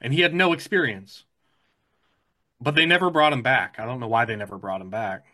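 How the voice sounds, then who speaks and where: Bright-voiced enthusiastic man. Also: mid-range voice, brisk. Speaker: podcast co-host. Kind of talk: casual chat.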